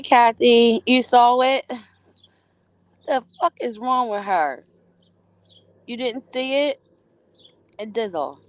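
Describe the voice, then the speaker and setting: A woman hosting a casual livestream, greeting chatters by name and gossiping bluntly with frequent swearing. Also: medium pitch. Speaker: livestream host.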